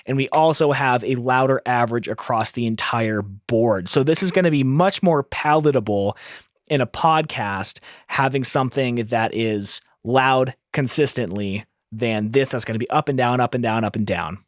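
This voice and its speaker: A man's voice: mid-range voice, moderate pace, no room sound. A man hosting an audio tutorial, explaining step by step in an upbeat teaching manner into a close studio microphone. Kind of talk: screen-recorded audio tutorial.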